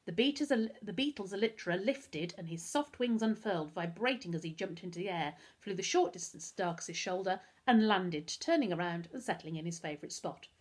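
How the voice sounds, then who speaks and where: A woman reads a children's novel aloud in a steady, expressive storytelling voice. Her tone is husky and breathy. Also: on the low side.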